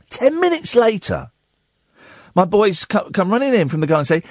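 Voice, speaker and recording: A man hosting a radio phone-in, telling stories with lively energy and acting out voices. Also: high voice, fast talker, dry recording, studio quality. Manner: animated storytelling, acts out voices. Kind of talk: late-night radio phone-in chat. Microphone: studio microphone.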